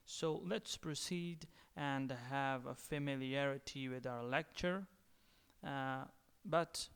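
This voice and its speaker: Slow, deliberate man teaching a lesson. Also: mid-range voice, smooth. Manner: deliberate, repeats words several times. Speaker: language teacher. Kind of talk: slow video lecture. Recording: long reverb.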